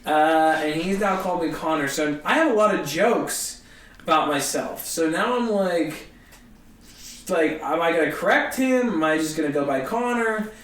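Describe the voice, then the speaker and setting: A young man, a guest comedian, telling a story in a casual, animated way and acting out the people in it. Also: on the high side, moderate pace, recorded from a distance. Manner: animated, acts out other people's voices. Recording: roomy echo, a bit off-mic, faint hiss.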